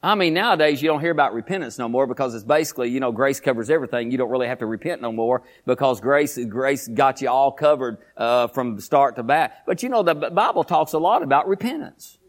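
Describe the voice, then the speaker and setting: A male pastor preaching a sermon in a folksy, animated way, rising into emphatic bursts. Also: medium pitch, fast, hardly any pauses.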